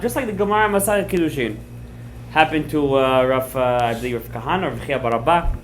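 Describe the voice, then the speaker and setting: A man teaching a Torah class as a rabbi, telling a story with lively acted-out quotes, mixing in Hebrew terms and checking words with his listeners. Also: a little high, fast talker, slight background noise. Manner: animated storyteller, acts out quoted lines, checks words with the audience; mixes in Hebrew and Aramaic terms.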